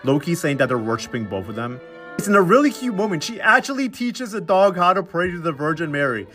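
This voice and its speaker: Young male comedic recapper, slightly high voice, sarcastic slang delivery, faint music behind. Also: brisk. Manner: slangy, sarcastic, animated storytelling with mocking quoted voices. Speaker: recap commentator.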